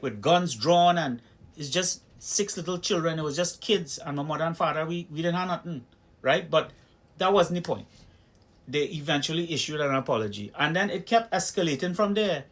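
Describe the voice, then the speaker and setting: A Trinidadian man with a slightly raised pitch tells personal stories straight to camera. He speaks emphatically, his delivery punchy and forceful as he builds his points. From Trinidad and Tobago. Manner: emphatic storytelling, acting out heated exchanges. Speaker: video commentator. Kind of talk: personal opinion vlog.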